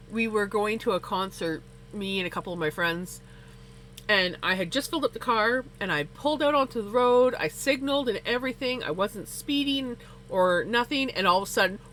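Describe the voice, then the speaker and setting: A woman hosting a casual livestream, chatting while she knits and telling stories with lots of laughter. Her voice shoots up high when she gets excited. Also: a little hiss or hum, poor audio. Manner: animated storyteller, laughs often, voice climbs high when excited. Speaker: livestream host. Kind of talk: casual chat while knitting on stream.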